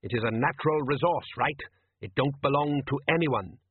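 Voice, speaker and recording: A man's voice: mid-range voice, moderate pace, breathy edge, no room sound, natural voice. A man voicing a stubborn, grumbling middle-aged father who blusters indignantly, in an audiobook. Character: grumpy stubborn raft-going father, male, middle-aged. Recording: tinny lo-fi dry recording.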